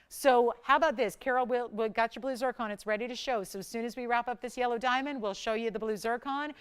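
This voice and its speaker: A woman host on a live shopping channel, middle-aged, with a smooth, clean voice that sits slightly high. She sells jewelry with urgent, insistent countdown pitches that keep pressing the viewer to call now. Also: a bit bright. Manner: urgent, countdown-style price reveals.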